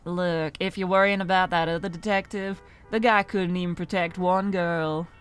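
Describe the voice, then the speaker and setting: Woman doing a gruff, cold detective man. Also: fairly low pitch, steady tone, moderate pace, faint music behind, voice pushed down, natural voice. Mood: curt. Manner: attempting an American accent.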